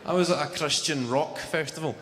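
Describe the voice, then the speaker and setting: A man's voice: a little high, brisk. Glaswegian man doing stand-up. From Scotland. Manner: storytelling with mimicked voices, punchy delivery. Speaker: stand-up comedian. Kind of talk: stand-up comedy set. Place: comedy venue stage. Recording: reverberant venue with loud audience noise.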